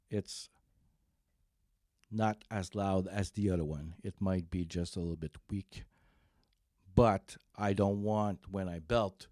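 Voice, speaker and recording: A man's voice: low-pitched, dark tone. A man in his fifties who plays drums, chatting casually from his home studio while demonstrating vocal microphones, thinking aloud and correcting himself as he goes. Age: 50s. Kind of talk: casual gear demo talk to camera. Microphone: studio vocal microphone close up.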